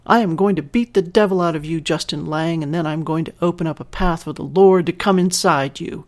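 A stern woman lover with a mock-preachy streak, speaking low and serious as though intoning from a pulpit, as a narrator puts her on. Her voice sits in an ordinary middle register. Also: fairly quick, natural voice.

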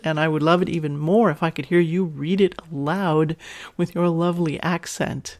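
A woman's voice: sits low, steady tone, normal speed, a little mellow. A woman hosting an advice podcast, talking frankly and casually, reading listener emails and laughing often. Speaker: sex advice podcast host.

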